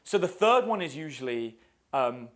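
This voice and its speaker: A man's voice: fairly high pitch, very animated, moderate pace, fairly bright tone. A man teaching a live dating seminar in a casual, swearing style, quizzing his audience. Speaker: dating coach.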